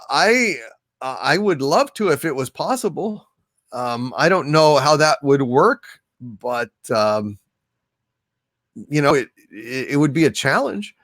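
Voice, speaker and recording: A man hosting a casual livestream, thanking viewers by name in a soft, halting way. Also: medium pitch, dry recording, clean studio sound. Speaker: livestream host. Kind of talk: casual livestream chat, reading viewer donations.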